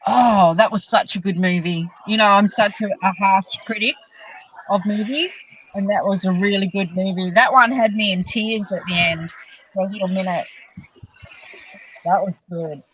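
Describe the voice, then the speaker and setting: A woman's voice: medium pitch, normal speed, slightly rough, lo-fi sound. A woman co-hosting a podcast in casual chat, chatty and enthusiastic, laughing easily. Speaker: podcast co-host.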